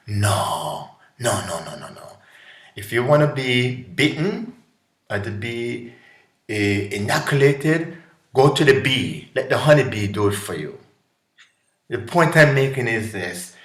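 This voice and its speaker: A man from Jamaica with a Jamaican accent, a guest musician giving an animated, preachy inspirational talk. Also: fairly low pitch, takes it slowly, reverberant. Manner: preachy, animated, acts out voices.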